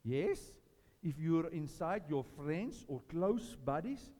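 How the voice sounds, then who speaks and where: A man preaching an informal sermon to a small home gathering, earnest and animated, often restarting his sentences and joking with the listeners. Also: fairly high pitch, takes it slowly. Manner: earnest, animated, with frequent restarts and jokes to the room. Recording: long hall reverb.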